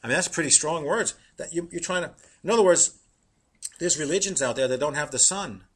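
Middle-aged guy preaching, husky and bright, lively, chuckles a lot, slows down reading scripture. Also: fairly high pitch. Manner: animated, laughing at his own jokes, slowing to read verses. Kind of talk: sermon.

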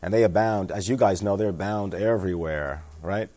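A man's voice: low-pitched, moderate pace, warm tone. A man giving a sermon, reading scripture aloud, explaining it in everyday words, and asking his listeners questions. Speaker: pastor.

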